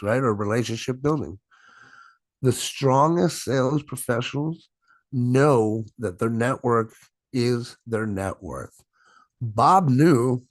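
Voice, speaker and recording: A man's voice: medium pitch, no room sound. A middle-aged man giving a business training presentation over a video call, stressing and stretching his words and often checking in with "right?". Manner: frequent "right?" tag questions. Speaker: sales trainer.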